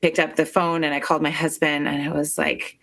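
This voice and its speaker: A woman telling a painful personal story as an interview guest, halting and emotional, with many filler words. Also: sits low, level tone, a bit bright.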